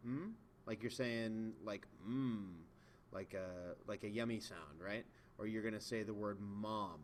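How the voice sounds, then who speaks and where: A male music teacher patiently instructs beginners in a video lesson, demonstrating as he explains, indoors in front of a camera. His voice is mid-range, with a little hiss or hum in the audio.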